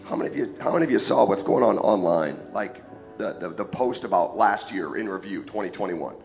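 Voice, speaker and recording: A man preaching a casual, joking sermon in church, hoarse and sniffling from a cold, often calling for an amen. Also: sits low, animated, fairly quick, a little mellow. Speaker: guest preacher. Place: church sanctuary. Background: music.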